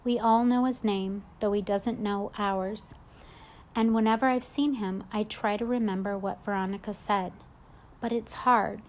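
A woman's voice: medium pitch, fairly even intonation, a little slow, a little mellow. A woman narrating a storybook in the first person, in a confiding, reflective way. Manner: confiding, reflective boy's point of view. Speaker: audiobook narrator.

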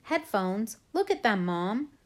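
A woman's voice: mid-range voice, moderate pace, lightly acted. A woman voicing an upset ten-year-old boy who whines and protests. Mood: whiny. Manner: whining, protesting.

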